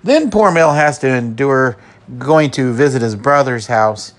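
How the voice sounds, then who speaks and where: A man hosting a podcast, recapping a film in an easygoing way, chuckling and filling pauses as he goes. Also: medium pitch, animated. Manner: slow and chuckling, with fillers. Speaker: podcast host.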